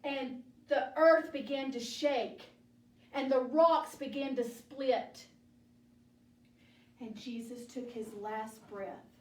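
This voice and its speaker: A woman teaching a children's Bible study, telling the story slowly and deliberately and asking the children questions. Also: high-pitched, slight background noise. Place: church room. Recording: echoey room, mic at a distance.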